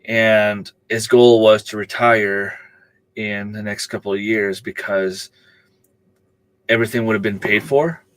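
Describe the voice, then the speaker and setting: A man's voice: on the low side, fairly even intonation, a little slow, clear, resonant tone, no room sound. A man hosting a casual livestream, rambling along and answering viewers' chat comments with plenty of ums and uhs. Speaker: livestream host.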